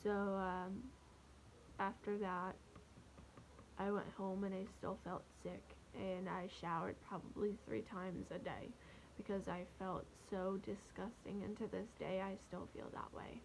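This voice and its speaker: Young woman vlogger, gravelly fry, soft and halting, faint hiss behind. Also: medium pitch, flat delivery, rough recording. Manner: soft, halting, with many pauses and fillers. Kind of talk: personal storytelling to camera.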